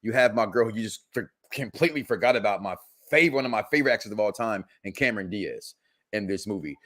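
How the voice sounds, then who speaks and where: A man's voice: lowish voice, lively intonation, quick pace, fairly bright tone. A man in his forties hosting a casual podcast chat, rambling and laughing often. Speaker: host.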